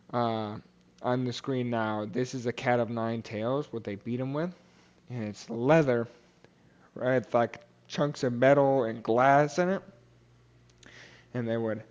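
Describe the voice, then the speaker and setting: A man's voice: medium pitch, darkish tone, muffled recording. A young man hosting a podcast, retelling a Bible story in casual talk, with many fillers and restarts and quotes acted out in character. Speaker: podcast host.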